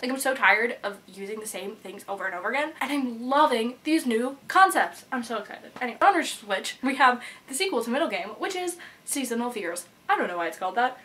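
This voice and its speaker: A young woman in her twenties talks casually, gushing and bubbly, with plenty of "like" fillers. She speaks quickly, in a fairly high voice with a bright edge. Her tone stays eager and chatty throughout. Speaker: book vlogger. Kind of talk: casual chat.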